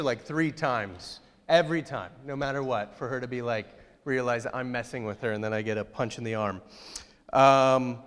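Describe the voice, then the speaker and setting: A man's voice: fairly high pitch, long reverb tail. A pastor giving a conversational, joking sermon and asking his congregation questions. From outside Ohio, United States.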